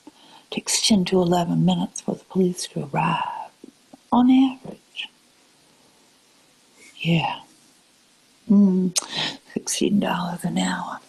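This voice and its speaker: An older woman chatting on a live stream, answering viewers in a soft, musing, often half-whispered way. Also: fairly low pitch, creaky, husky, rough recording.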